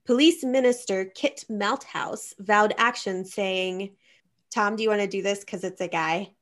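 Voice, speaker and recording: A woman's voice: mid-range voice, a little slow. A woman hosting a casual comedic show, reading news items with dry, wry asides. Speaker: host.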